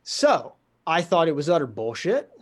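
A man telling a story in casual talk, lively, sardonic and poking fun at himself. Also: fairly high pitch, moderate pace. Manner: lively, sardonic, self-mocking.

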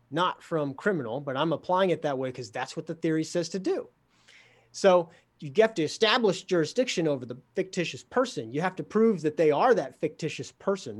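A man telling a story in casual talk, lively, sardonic and poking fun at himself. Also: fairly high pitch. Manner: lively, sardonic, self-mocking.

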